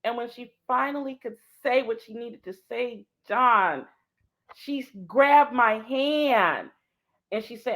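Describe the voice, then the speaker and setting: A middle-aged woman, a motivational speaker guest in an interview, telling an emotional story, swinging from soft to shouting. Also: a little high, slow pace, low-quality recording.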